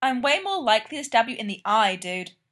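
A woman's voice: on the high side, very animated, fairly bright tone. A woman voicing an awkward, curious young man. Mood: tentative. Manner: hesitant, halting with fillers. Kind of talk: fan fiction read aloud.

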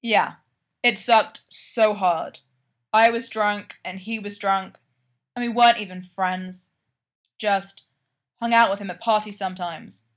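A woman's voice: mid-range voice, fairly even intonation, takes it slowly, close to an everyday voice. A woman voicing a blunt, weary young man. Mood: candid. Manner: blunt, swears casually. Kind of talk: fan fiction read aloud.

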